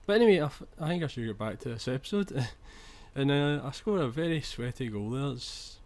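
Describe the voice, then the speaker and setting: A man's voice: medium pitch, expressive, fairly quick, darkish tone. A young man commentating over his own football video game footage, chatty, restarting sentences and swearing when annoyed. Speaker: gaming commentator.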